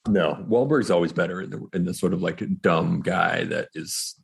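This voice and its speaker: A man co-hosting a podcast, sharing opinions in a relaxed, casual chat. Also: low-pitched, normal speed, gravelly, breathy edge. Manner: relaxed, opinionated, thinking aloud. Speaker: podcast co-host.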